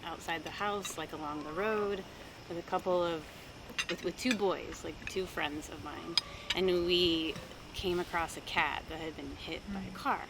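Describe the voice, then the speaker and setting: A woman guest telling a personal story outdoors, earnest and animated. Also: lowish voice, moderate pace. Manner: earnest, animated when quoting. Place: outdoors beside a road. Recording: loud roadside traffic noise.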